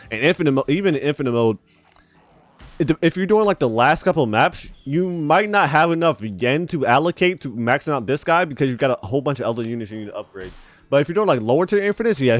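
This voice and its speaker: A man giving casual, rambling gameplay commentary, swearing freely and saying bro a lot, his speech a bit spitty from a retainer. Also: medium pitch. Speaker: gaming YouTuber.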